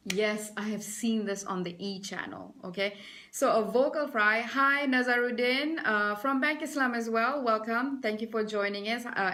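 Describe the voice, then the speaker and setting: Her voice runs on the high side as this middle-aged Malaysian woman, a presentation skills trainer, gives a spirited webinar lecture. Every so often she breaks off to say hello to viewers by name.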